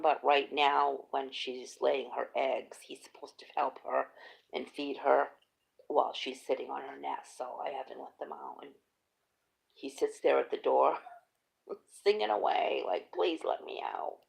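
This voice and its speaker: A middle-aged woman chats casually, telling lively stories and laughing often. Her voice sits low with a gravelly, fry-heavy texture. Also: a little slow. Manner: animated storytelling, laughs often. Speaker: host. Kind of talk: casual chat.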